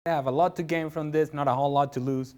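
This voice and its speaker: A man acting as a football analyst in a casual predictions chat, dry and wry, getting animated when making a point. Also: fairly high pitch, fast. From not from the UK.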